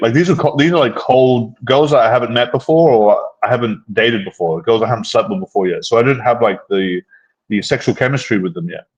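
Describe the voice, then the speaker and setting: A man's voice: mid-range voice, poor audio. A man hosting a casual chat, rambling through his own experiences with many restarts. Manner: rambling, frequent restarts and fillers. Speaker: host.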